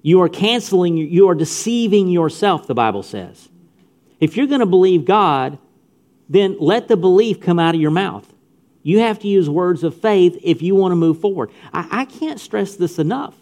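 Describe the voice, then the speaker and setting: Preaching to a youth audience, this middle-aged pastor addresses listeners head-on, stressing points and repeating phrases. He has a high, slightly mellow voice with lively intonation at a normal speed.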